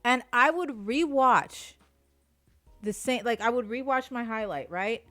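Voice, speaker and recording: A woman's voice: fairly high pitch, unhurried, a bit bright, no echo, soft background music. Laughing, swearing woman podcast co-host. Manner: laughs often, swears, trails off mid-sentence. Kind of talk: casual chat. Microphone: streaming mic.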